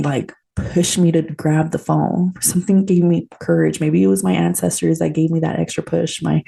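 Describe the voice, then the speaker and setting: A woman's voice: sits low, gravelly, warm tone, husky. A woman hosting a podcast, telling a personal story in a candid, earnest, conversational way with lots of fillers. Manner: candid, conversational, many fillers and tag questions; earnest, emotionally open. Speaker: podcast host.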